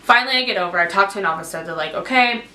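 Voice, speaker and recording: Racing along in a fairly low, bright, forceful voice, a young woman vlogger tells an emotional storytime, rambling and saying "like" again and again. It was captured in an echoey room with faint background noise.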